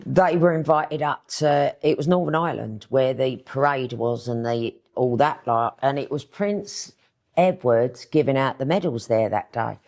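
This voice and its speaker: A woman's voice: rumbling low, moderate pace, darkish tone. A middle-aged woman with an East London accent, telling stories bluntly and chattily in a casual interview, swearing freely. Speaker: guest author.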